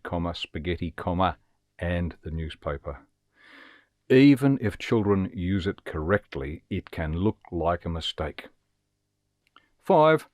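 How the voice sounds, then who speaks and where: A man with a very deep voice narrates a scripted lesson, his pitch rising and falling with lively emphasis. He explains in a measured, teacherly way and reads examples aloud. The sound is close and dry, with no room echo. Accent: Australian. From Australia. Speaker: teacher giving a webinar.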